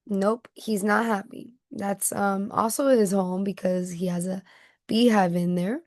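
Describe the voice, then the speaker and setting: A woman teacher reading a picture book aloud to children, pausing to ask questions and check they follow along. Her voice is close and dry, with a mid pitch. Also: fairly even intonation, dry recording. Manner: gentle questioning, checking in with listeners.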